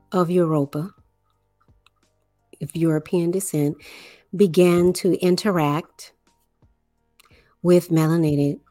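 A woman from the New Orleans area giving a slow explanatory monologue, with deliberate, drawn-out phrasing and pauses. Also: low voice, darkish tone, dry recording, clean studio sound.

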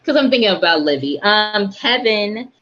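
A woman's voice: medium pitch, animated, moderate pace, a bit bright, faint music behind. A woman co-hosting a podcast in casual chat, rambling with frequent ums and light laughs. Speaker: podcast co-host. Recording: dull, lo-fi sound.

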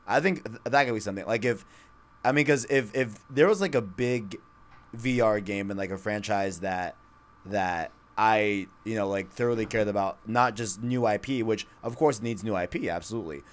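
A man co-hosting a casual gaming podcast, rambling and excitable, filling his talk with "like" and "you know". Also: lowish voice, moderate pace. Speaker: podcast co-host. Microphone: studio microphone.

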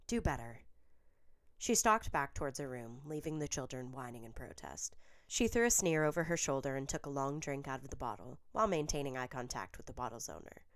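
A woman narrating a piece of fan fiction in steady storytelling. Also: a bass voice, fairly quick.

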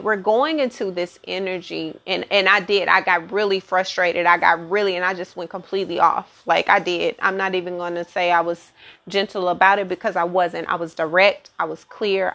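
A woman's voice: medium pitch, fairly bright tone. A woman speaking in a casual solo monologue about astrology, earnest and emphatic, often stacking repeated phrases. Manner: earnest, repetitive, emphatic lists. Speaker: astrology talk host.

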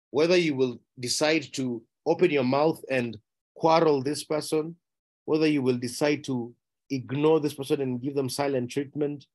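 Preaching forcefully, a man repeats central phrases and asks questions he doesn't expect answered. Key words come out higher and louder.

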